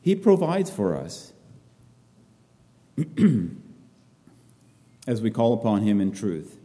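Male preacher, very dark mellow tone, echoing hall, earnest halting delivery. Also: fairly low pitch, huge pitch swings. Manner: repetitive, halting, earnest phrasing. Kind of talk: sermon, reading and expounding scripture.

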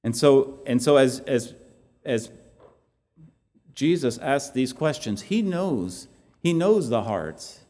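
A man's voice: medium pitch, expressive, mellow. A man preaching a sermon in a church, earnest and often restarting his phrases. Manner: earnest, halting with repeated restarts. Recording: long hall reverb.

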